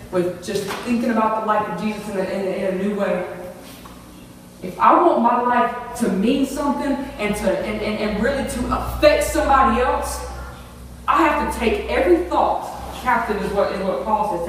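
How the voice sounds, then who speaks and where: A woman's voice: mid-range voice, a little hiss or hum. A woman preaching a sermon, earnest and talking with many restarts and asides, with grandchildren. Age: older. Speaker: youth ministry speaker. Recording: echoey hall from far off.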